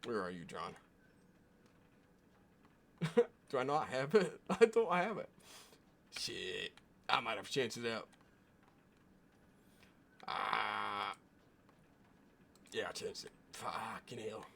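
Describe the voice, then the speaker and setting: A man's voice: lowish voice, animated, slow, gravelly, long pauses, a bit bright, a little hiss or hum. A man streaming a western roleplay game, chatting casually, laughing often and swearing freely. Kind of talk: casual chat while playing a roleplay game.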